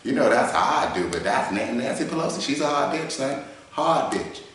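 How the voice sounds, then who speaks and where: A man's voice: medium pitch, big pitch swings, moderate pace, a bit bright. A man voicing a swaggering, profane male debater who talks in heavy street slang, recorded in a garage. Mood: brash, cocky. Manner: heavy street slang, constant swearing, cocky. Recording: echoey garage.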